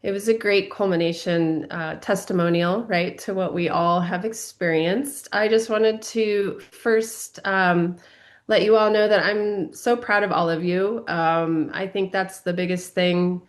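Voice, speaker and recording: A woman's voice: on the low side, fairly even intonation, measured pace. A woman giving an upbeat, encouraging talk to fellow speakers, with many fillers. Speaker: summit speaker. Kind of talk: informal speech to a group.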